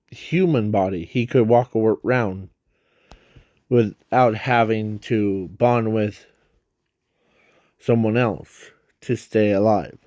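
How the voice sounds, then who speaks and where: Slow, halting man with a dark voice. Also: medium pitch, no echo, studio quality. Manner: halting, many fillers and restarts. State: breathing hard. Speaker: fan video creator. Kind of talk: casual rambling explanation.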